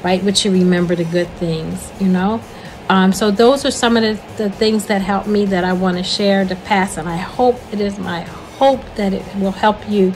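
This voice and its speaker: A woman's voice: medium pitch, fairly even intonation, normal speed, darkish tone, soft background music, poor audio. An older woman hosting her own talk, speaking earnestly and repeating her main points in a preacher-like way. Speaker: host. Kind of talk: encouraging spoken talk.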